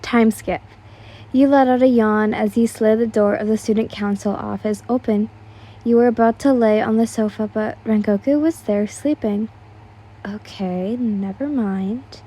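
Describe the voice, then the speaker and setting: Tired, husky young woman reading fan fiction. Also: on the high side, fairly even intonation, normal speed, warm tone. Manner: chatty, breaks off for asides and apologies. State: tired, yawning. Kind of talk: casual story reading.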